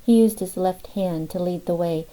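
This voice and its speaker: A woman narrating an audiobook in a measured, expressive way. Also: fairly low pitch, rough recording. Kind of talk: scripted narration.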